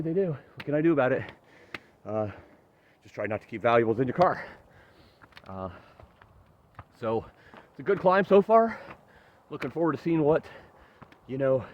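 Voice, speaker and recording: A man's voice: medium pitch, highs cut off, slight background noise. A man narrating his hike in a casual, upbeat vlog, chatty and a little out of breath from the steep climb. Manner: chatty, upbeat, laughs at himself, many "uh" fillers. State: winded from climbing. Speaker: hiking vlogger. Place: outdoors on a steep forest trail.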